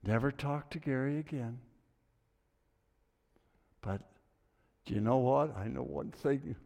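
An older man preaches at an unhurried pace, telling a story from his own life. His voice sits at a middle pitch and swings between quiet asides and loud, excited outbursts. A long reverb trails behind every word, as in a large hall. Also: creaky. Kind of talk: sermon with personal testimony.

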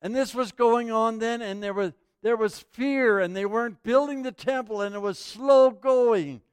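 Brief: male pastor, high smooth voice, lively storytelling sermon. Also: normal speed, no echo. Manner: animated storytelling preacher.

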